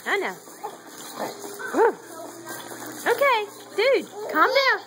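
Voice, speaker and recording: A woman's voice: very high voice, very animated, extremely slow, low-quality recording. A woman talking to her baby in playful, coaxing baby talk while filming a home video. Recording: home camera with loud background noise.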